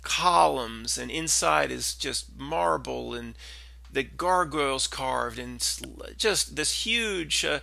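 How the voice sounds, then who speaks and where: A man's voice: mid-range voice, expressive, takes it slowly, gravelly, bright, forceful tone, dry recording. A man, talking in a rambling, skeptical monologue full of restarts and asides. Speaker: podcast host.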